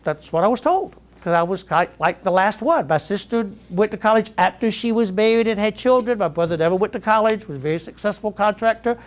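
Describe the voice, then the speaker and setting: A middle-aged man from Southeast Georgia with a Georgia accent, giving a keynote speech to educators and telling lively stories that draw in the audience. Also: sits high, fairly quick, few pauses. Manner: lively storyteller who quizzes the audience. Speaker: keynote speaker.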